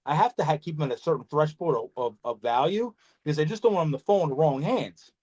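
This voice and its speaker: A man hosting a casual podcast chat, telling animated stories, swearing freely and acting out conversations. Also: a little high, fast. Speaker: podcast host, snake breeder.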